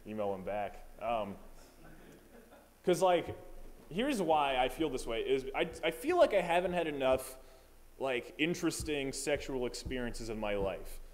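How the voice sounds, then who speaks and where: At a small open mic venue, a young stand-up comedian delivers a rambling, self-deprecating set full of filler asides and plenty of "you know what I mean." His medium-pitched voice is sing-song and a little slow.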